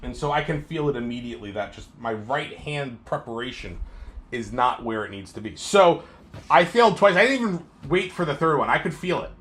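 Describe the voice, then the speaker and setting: A man streaming his guitar practice live, counting beats aloud in a slow sing-song and talking through how each run felt. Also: medium pitch, animated, fairly bright tone. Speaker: guitar teacher practicing on a livestream. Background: guitar playing.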